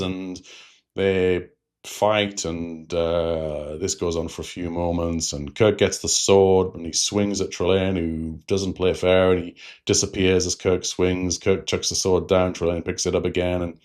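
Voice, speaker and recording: A man with a deep, low voice walks through an episode's story in casual recap style. He talks in a chatty way, often stumbling and restarting his phrases with small fillers. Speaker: podcast host reviewing an episode.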